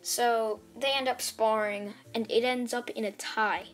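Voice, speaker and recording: A woman's voice: fairly high pitch, steady tone, a little slow, soft background music. A woman casually retelling a fan story, rambling and hesitant, with many restarts and "like"s.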